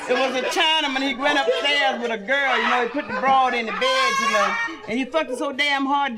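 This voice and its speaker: A woman comedian telling bawdy jokes in a brassy stand-up style, laughing through her own punchlines. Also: high voice.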